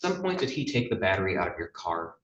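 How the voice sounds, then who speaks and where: A man examining a witness in court, asking measured questions and reading out text messages, heard over a video call. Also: low-pitched, big pitch swings, a bit bright. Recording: roomy, dull video-call audio.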